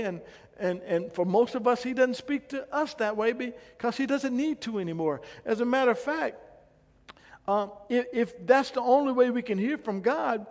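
Male pastor, sermon, high pitch for a man, emphatic questioning delivery, long hall reverb. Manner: emphatic, repeats phrases and asks the congregation questions.

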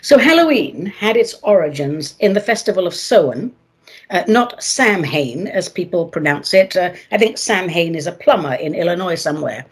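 Husky, theatrical woman radio host. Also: lowish voice, lively intonation, moderate pace. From not from America, moved there. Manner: playful, dramatic, sing-song emphasis. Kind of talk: theatrical solo radio talk.

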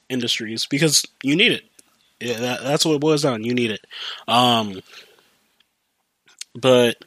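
A man's voice: mid-range voice, fairly bright tone, no room sound. A young man hosting a podcast, telling a story casually with lots of fillers, restarts and swearing. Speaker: podcast host.

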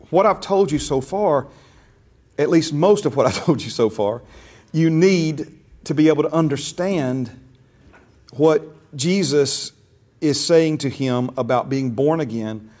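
A man teaches a Bible class, his voice pitched a little high. He talks in an easygoing way, repeats his words as he thinks, and keeps asking his listeners questions. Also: expressive, a little slow, darkish tone.

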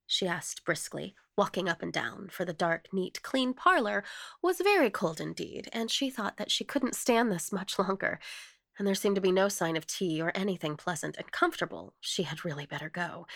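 A woman's voice: fairly low pitch, expressive, moderate pace, gravelly, fairly bright tone, dry recording, clean studio sound. Woman reading a ghost story. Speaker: story reader.

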